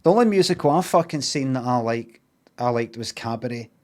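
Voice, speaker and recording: A streamer with a Scottish accent recaps a film in a casual, meandering way, swearing freely and filling gaps with ums and asides. His mid-range voice is animated, brisk and a little mellow.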